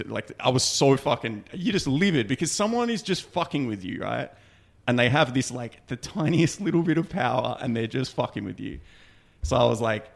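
Gravelly young man telling stories. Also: medium pitch, normal speed. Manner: swears freely, animated and laughing while telling stories. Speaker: podcast co-host. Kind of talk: casual storytelling chat.

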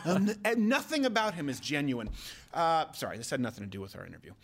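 A man's voice: on the high side, background noise. A man hosting a comedic podcast in casual chat, joking around and putting questions to his guest. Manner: animated, quick, jokey, asks questions. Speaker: podcast host.

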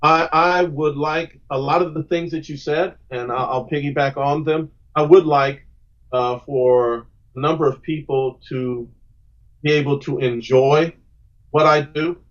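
Man, guest on a podcast, earnest, emphatic, fairly high voice, muffled lo-fi sound. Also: fairly even intonation, a little slow. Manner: earnest, emphatic, repeats words when starting a thought. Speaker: guest comic book creator. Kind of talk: podcast interview answers.

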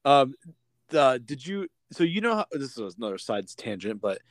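A man's voice: medium pitch, very animated, normal speed, dry recording, studio quality. A man co-hosting a podcast in casual chat, rambling and swearing freely with many restarts. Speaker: podcast co-host.

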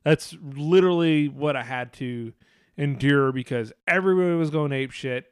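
A man's voice: on the high side, moderate pace, clear, resonant tone, dry recording, clean studio sound. A man co-hosting a casual talk show, rambling and sarcastic, swearing often and mimicking other people's voices. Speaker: podcast co-host. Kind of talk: casual profane chat.

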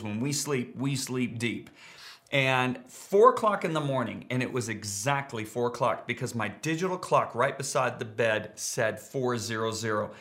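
A middle-aged pastor preaching a sermon, emphatic and repeating key words for stress. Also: male voice, medium pitch, bright, forceful tone.

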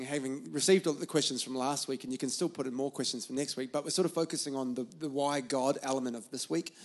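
A man hosting a church panel Q&A, chatty and enthusiastic, laughing often. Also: a little high. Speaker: church host.

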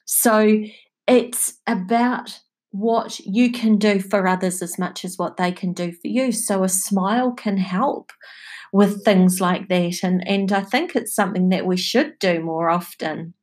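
A middle-aged woman hosting a podcast, sharing personal stories in a chatty, heartfelt way and laughing softly now and then. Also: medium pitch, a little slow. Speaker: podcast host. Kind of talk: reflective personal talk.

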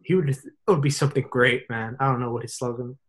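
A young man chatting casually and excitedly, with lots of slang and playful impressions. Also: mid-range voice, fast. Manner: animated, slangy, puts on voices for fun. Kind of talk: casual chat.

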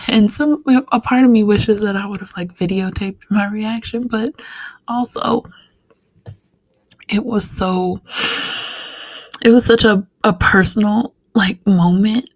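Give me a young woman sharing a personal story as a podcast guest, soft-spoken and heartfelt, with many fillers. She speaks slowly, at a middle pitch. The sound is dry and close, with no room echo. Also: fairly even intonation.

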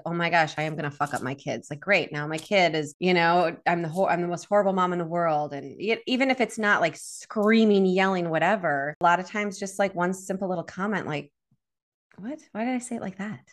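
Lowish woman therapist chatting on a podcast, candid, acts out little scenes. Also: a bit bright. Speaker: therapist and coach, podcast guest. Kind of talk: casual interview talk.

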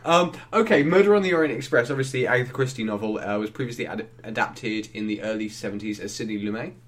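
A man's voice: on the low side, fast. A man co-hosting a film review podcast, talking casually with frequent restarts and laughter. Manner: rambling, restarts often, laughs easily.

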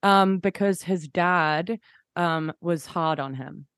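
A young woman with a lowish voice chats as a guest on an interview show. She rambles and gushes, piling up fillers and restarts. The sound is dry and close. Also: slow pace, dry recording. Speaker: musician guest. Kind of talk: casual interview chat.

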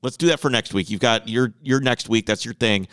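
A man co-hosting a casual podcast, animated and laughing often as he talks. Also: medium pitch, fairly quick, clean tone, dry recording, clean studio sound. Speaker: podcast co-host. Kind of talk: casual chat.

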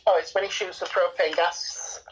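A woman's voice: fairly low pitch, level tone, normal speed, husky. A woman co-hosting a casual film review chat, ranting and swearing as she mocks the characters. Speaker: podcast co-host. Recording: dull lo-fi recording.

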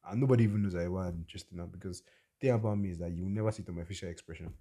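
In a low, husky, mellow voice, a young adult man talks very fast while recounting a personal story on his podcast. The casual monologue is blunt and full of opinions.

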